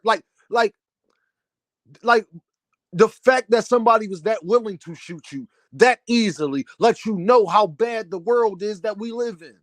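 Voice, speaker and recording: A man's voice: high-pitched, a bit bright, no echo. Heated young man scolding his elders. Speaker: commentator. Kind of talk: opinion rant to camera.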